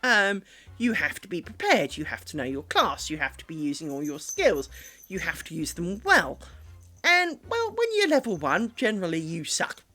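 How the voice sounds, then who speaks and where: On the low side yet bright and forceful, this woman's voice swings widely in pitch at a normal speed. She's a craft streamer broadcasting from her home craft room over a desk mic, chatty and wry, making fun of herself and chatting to her pets.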